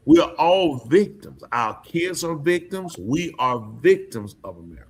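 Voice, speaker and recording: Male podcast host, mid pitch, preachy casual talk, emphatic delivery. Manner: emphatic, preachy, asks the listener questions.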